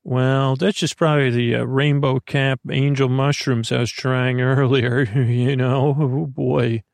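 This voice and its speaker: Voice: medium pitch, flat delivery, measured pace, creaky, darkish tone, no room sound. An actor playing a dreamy, scatterbrained fairy herbalist who rambles and stammers in an audio drama. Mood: rambling.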